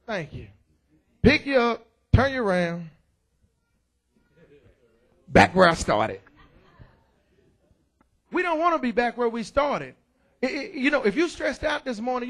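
A middle-aged man preaching a loud, excited sermon in church, calling out to the congregation. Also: very high-pitched. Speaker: pastor. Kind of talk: energetic sermon.

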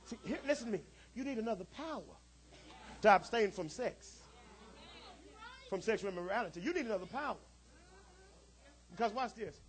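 A man a sermon as pastor, calling out to the congregation and swinging from quiet asides to shouts. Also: sits high, expressive, a little fast, pauses often. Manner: call-and-response preaching, rising to shouts.

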